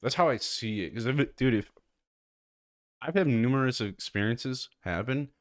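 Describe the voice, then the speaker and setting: A man's voice: mid-range voice, animated, moderate pace, dry recording, clean studio sound. A man co-hosting a casual podcast, laughing often and talking in loose run-on thoughts. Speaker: podcast co-host. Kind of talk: casual chat.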